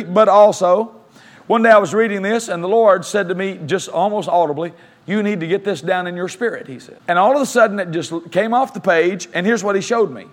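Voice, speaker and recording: A man preaching a sermon as pastor, reading scripture aloud and slowing down to stress key phrases, leading his congregation in call-and-response. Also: high-pitched, fairly bright tone.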